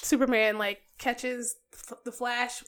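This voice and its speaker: A woman co-hosting a podcast in casual chat, asking quiz questions with a lively, giggly manner. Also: fairly high pitch, takes it slowly, clean tone. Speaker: podcast co-host, quizmaster.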